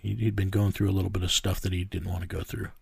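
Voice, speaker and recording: Gravelly low-voiced man telling a story. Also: flat delivery, fast, darkish tone, no echo, studio quality. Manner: blunt, plain-spoken, repeats words when he restarts. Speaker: bounty hunter guest telling his story. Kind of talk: casual storytelling interview.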